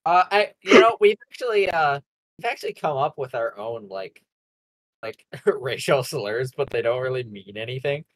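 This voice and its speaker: A young man hosting a podcast, rambling and excitable in crude casual banter, laughing often. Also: mid-range voice, normal speed, no room sound. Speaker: podcast host.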